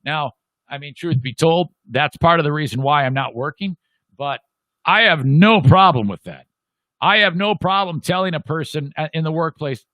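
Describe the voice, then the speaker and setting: A middle-aged male host rants bluntly and swears freely, his voice sitting fairly high for a man. The sound is close and dry, with no room around it. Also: normal speed, pushed and bright, dry recording. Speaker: radio show host. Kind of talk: profane ranting commentary.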